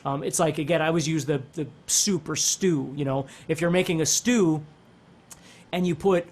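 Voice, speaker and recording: A middle-aged man teaching guitar in a relaxed, conversational way, thinking aloud and circling back as he explains. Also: a little high, normal speed. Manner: animated, talks with his hands, thinks aloud with restarts. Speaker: guitar instructor.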